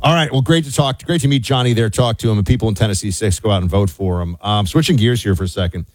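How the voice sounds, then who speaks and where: A man's voice: on the low side, fast talker, dry recording. A man hosting a talk radio show, chatting casually and reading a sponsor spot. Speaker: radio host. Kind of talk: talk radio chat and live read ad.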